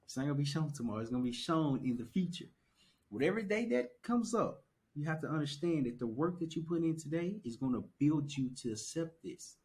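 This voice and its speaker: Animated young man telling his story. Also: a little high, brisk. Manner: animated storytelling, repeats phrases for emphasis. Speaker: podcast guest. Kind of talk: casual conversation.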